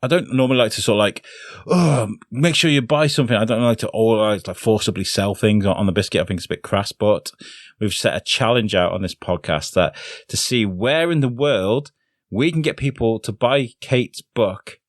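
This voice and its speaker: A low-voiced man opens his podcast in a loose, rambling way, full of "um"s and little jokes at his own expense. The sound is dry and close, with almost no room around it. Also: dry recording. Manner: chatty and self-deprecating, lots of fillers. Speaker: podcast host. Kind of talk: casual solo podcast intro.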